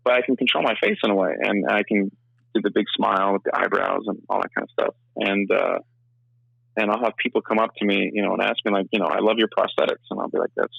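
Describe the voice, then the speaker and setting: A young man giving a casual interview, talking fast in a rambling way full of restarts. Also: fairly low pitch, steady tone, vocal fry, dry recording, dull audio. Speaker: filmmaker and actor, interview guest.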